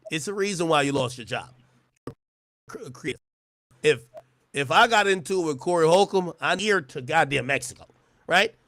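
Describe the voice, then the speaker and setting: A man's voice: on the high side, animated, moderate pace, pauses often, fairly bright tone, no room sound. A man delivering a profane, mocking roast rant, often stammering and restarting his words. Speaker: internet personality. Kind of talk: trash-talking roast rant.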